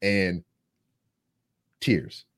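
A man's voice: sits low, drawn-out words, fairly bright tone, clear, resonant tone. A man in his thirties, a podcast co-host, telling a long, profane story in casual chat.

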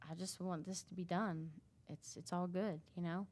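A woman telling her story in a halting, casual way, full of fillers and restarts. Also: lowish voice, fairly even intonation, a little mellow. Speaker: interview guest sharing a recovery story.

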